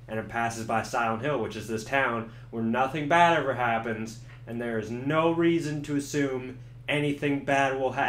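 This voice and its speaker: A young man giving a sarcastic, swearing comedic review of a video game and acting out the characters in quick voices. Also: fairly high pitch, a bit bright. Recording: echoey room.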